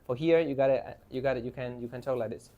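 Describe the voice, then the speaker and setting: A man's voice: mid-range voice, steady tone, quick pace, mellow, highs cut off. A man teaching an English class, asking students questions and modeling phrases for them to repeat. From Myanmar. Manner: encouraging, asks questions, models phrases for repetition.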